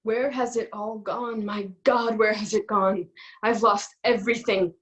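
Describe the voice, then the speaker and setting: A woman's voice: medium pitch, fairly even intonation, lo-fi sound, lightly acted. Woman reading a weary young woman in despair. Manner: halting, mournful delivery. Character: weary young woman lamenting her lost life. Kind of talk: acting class scene reading.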